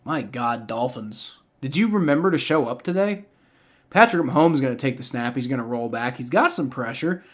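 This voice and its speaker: A man's voice: mid-range voice, lively intonation, normal speed. A man live-streaming a game reaction, ranting in exasperation with heavy profanity and frequent stammering restarts.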